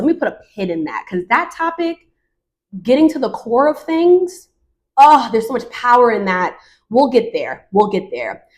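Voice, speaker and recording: A woman around thirty hosting her own podcast, talking casually and off the cuff in an animated, slangy way with laughs. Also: medium pitch. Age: 30s. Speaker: podcast host. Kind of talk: casual solo podcast monologue.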